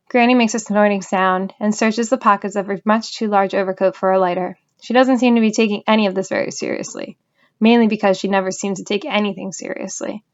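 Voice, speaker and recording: A woman reading a novel aloud in an even storytelling manner. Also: mid-range voice, dull audio. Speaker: audiobook reader.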